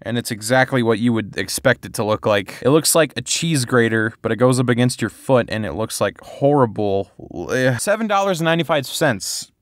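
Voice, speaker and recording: A man doing comedic voice-over commentary, sarcastic and rambling, sometimes putting on mock-yelling rants. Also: medium pitch, a little fast, no room sound, studio quality. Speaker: animated comedy video host.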